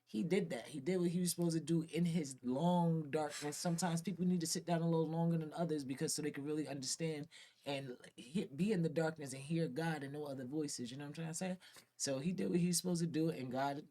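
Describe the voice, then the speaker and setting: A woman's voice: sits low, fairly even intonation, fast talker, dark tone. A woman speaking earnestly and encouragingly in casual talk, with spiritual words of support. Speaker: daughter, guest.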